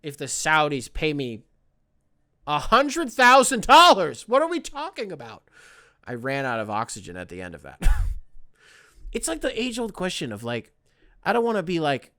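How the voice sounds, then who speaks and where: A man hosting a podcast, rambling in casual solo commentary with lots of swearing and excitable outbursts. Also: mid-range voice, brisk. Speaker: podcast host.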